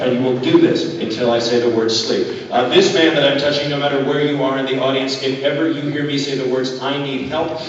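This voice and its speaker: A man working as a stage hypnotist, giving slow, deliberate suggestions with repeated phrases during a live show in a school auditorium. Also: mid-range voice, a little hiss or hum. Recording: distant, echoey, dull hall recording.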